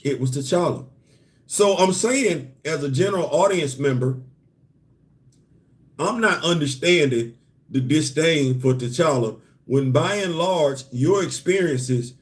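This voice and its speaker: The host of a comics and culture live show, a lively man with a fairly high pitch, offers casual solo commentary on comics. He keeps it conversational, throwing in rhetorical questions and repeating words as he makes his case.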